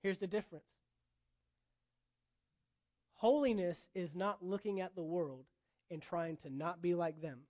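Male pastor, high voice, preaching with punchy repetition. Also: moderate pace, warm tone. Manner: emphatic, repeating phrases for effect. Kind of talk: sermon.

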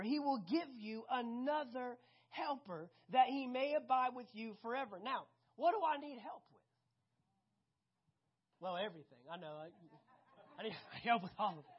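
Husky-voiced woman preaching a lively sermon. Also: on the high side, muffled recording. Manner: animated, conversational, asks the congregation questions.

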